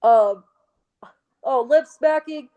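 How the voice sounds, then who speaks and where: A young woman co-hosting a casual podcast chat, talking in quick fragments with frequent giggles. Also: high voice, narrow, tinny audio. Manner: chatty and giggly, tells things in quick fragments. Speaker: podcast co-host living with seizures.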